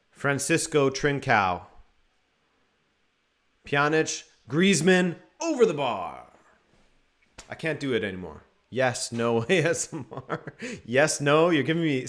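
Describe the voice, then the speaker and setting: A man's voice: medium pitch, a bit bright. A man hosting a live football watchalong, giving casual, joking commentary and reading viewer comments aloud. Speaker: watchalong host.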